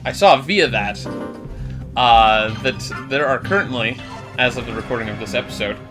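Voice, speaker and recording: A man's voice: mid-range voice, moderate pace. A man chatting casually while a friend plays a video game, rambling with fillers and laughing often. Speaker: co-host of a game playthrough. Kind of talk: casual gaming chat. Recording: game music behind voices.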